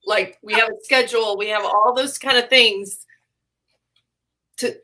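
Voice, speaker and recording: A woman's voice: fairly high pitch, fairly even intonation, a little slow, bright, forceful tone, rough recording. A woman co-hosting a comedy talk show, wry and mock-suspicious toward the host. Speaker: guest co-host. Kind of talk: casual comedy banter.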